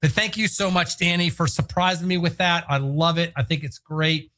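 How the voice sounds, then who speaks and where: Male host, high bright voice, pushy and upbeat salesman energy. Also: normal speed. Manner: energetic, salesy, breaks into shouted impressions. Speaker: podcast host, real estate agent. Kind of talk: solo talk show.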